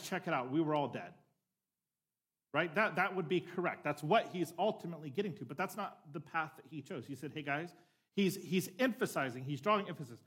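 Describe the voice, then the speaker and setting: A male pastor preaching a conversational sermon, often checking in with the room and swinging between emphatic lines and quieter asides. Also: a little high, slightly rough.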